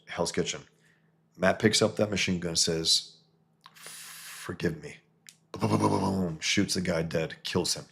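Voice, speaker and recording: Deep-voiced man ranting about comics. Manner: heated, blunt, mocks others with sudden high put-on voices. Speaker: comics creator. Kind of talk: casual opinionated monologue.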